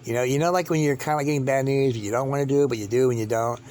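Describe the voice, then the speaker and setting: A man telling a long personal story as a vlogger, halting and repetitive, with many restarts and fillers. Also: mid-range voice, steady tone, darkish tone, a little hiss or hum.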